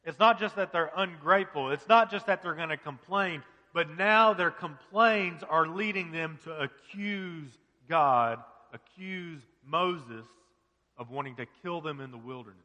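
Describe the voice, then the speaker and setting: A man's voice: fairly high pitch, measured pace, sharp tone, long reverb tail. A man preaching a sermon as pastor, earnest and full of rhetorical questions.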